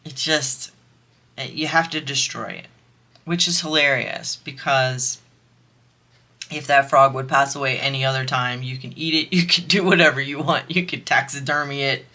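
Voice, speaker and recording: A woman's voice: extremely low pitch, fairly even intonation, moderate pace, pushed and bright. A woman vlogger chatting casually while she crafts, amused and laughing often.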